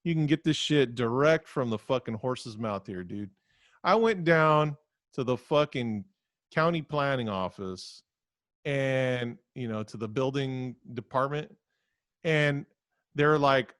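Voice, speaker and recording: A man co-hosting a podcast, telling a story in a profane, ranting way that gets louder as he gets worked up. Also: mid-range voice, slow pace, no room sound, clean studio sound. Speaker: podcast co-host. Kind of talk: casual chat.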